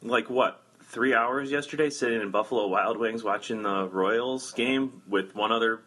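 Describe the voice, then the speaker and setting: Bright-voiced, laid-back male podcast host. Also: on the low side, moderate pace. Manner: laid-back, rambling with many fillers and laughs. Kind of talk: casual chat.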